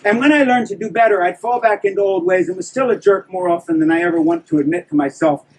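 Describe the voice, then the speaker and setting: A man's voice: sits high, fast, recorded from a distance, low-quality recording. An older man, an author, giving a candid, self-deprecating live talk to an audience about his book. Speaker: author speaking at a book event.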